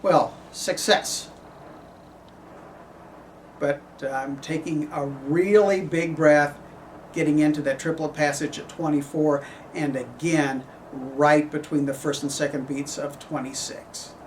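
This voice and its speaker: Man, horn professor, slow deliberate delivery, fairly high voice, heard from a distance, faint room ambience. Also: fairly even intonation, a little hiss or hum. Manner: measured, explanatory, sings phrases on syllables. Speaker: horn professor giving a clinic. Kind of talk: instructional clinic talk.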